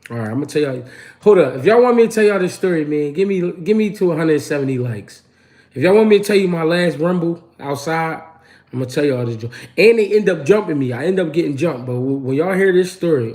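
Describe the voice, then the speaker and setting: A man's voice: fairly high pitch, a little mellow. A man, hosting his channel and telling a story to a live audience in a casual, slangy and profane way, acting out the quotes. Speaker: channel host.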